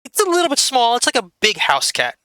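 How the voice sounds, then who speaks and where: A game master narrating a tabletop game, hesitant, with frequent pauses and fillers. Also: medium pitch, huge pitch swings, bright, forceful tone, clean tone, dry recording. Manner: hesitant, with many fillers and restarts.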